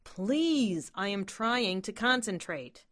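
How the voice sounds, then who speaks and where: A woman's voice: medium pitch, expressive, slow. A woman doing an exasperated young dad. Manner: exasperated, yelling. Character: irritable young father shouting through a wall.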